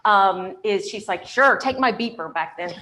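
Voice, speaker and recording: A woman's voice: medium pitch, normal speed, heavy background noise. A woman real estate agent from North Carolina telling her own story on a panel, candid and chatty, with frequent ums.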